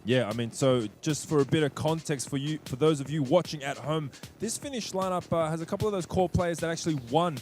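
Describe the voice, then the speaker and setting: A man's voice: fairly high pitch, brisk, few pauses, a little mellow, faint music behind. A young man leading casual esports commentary, friendly, giving context and tossing questions to his partner. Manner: friendly, hosting, sets up context and asks co-caster questions.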